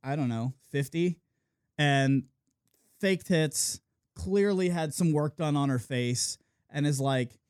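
A man DJ on a podcast, telling a story in casual, animated chat full of "like"s. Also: a little high, takes it slowly, clean tone, no echo, studio quality. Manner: animated, filler-heavy with many "like"s, acts out the people in his story. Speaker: DJ and podcast co-host.

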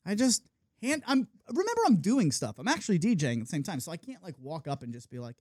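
A man DJ on a podcast, telling a story in casual, animated chat full of "like"s. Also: sits high, fast, dry recording, clean studio sound. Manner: animated, filler-heavy with many "like"s, acts out the people in his story. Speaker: DJ and podcast co-host.

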